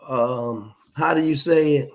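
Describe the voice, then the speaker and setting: A middle-aged man hosting a livestream reads out chat comments bluntly, emphatically and with profanity. His voice is a little high and slow.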